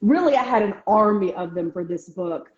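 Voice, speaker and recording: Chatty woman author on an echoey call. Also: normal speed. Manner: chatty, with many ums and restarts; acts out other people's lines in a high, excited voice. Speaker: author being interviewed. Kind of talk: casual conversational interview. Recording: echoey, dull lo-fi call audio.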